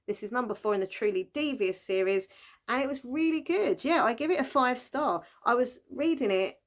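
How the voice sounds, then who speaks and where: A woman's voice: a little high, animated, normal speed. Chatty rambling British woman. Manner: chatty, rambling, laughs often, many fillers. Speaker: book vlogger. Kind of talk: casual chat.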